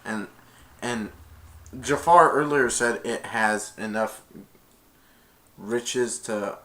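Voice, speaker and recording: A man's voice: mid-range voice, extremely slow, pushed and bright. A man casually retelling a film's plot, rambling and stringing events together with repeated "and then". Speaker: film reviewer.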